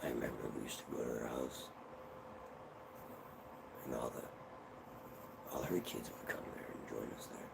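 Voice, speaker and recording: A man from Israel hosting a livestream, telling family stories in a casual, profane, animated way. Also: very deep voice, a little slow, creaky, long pauses, heavy background noise. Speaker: livestream host. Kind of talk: casual storytelling.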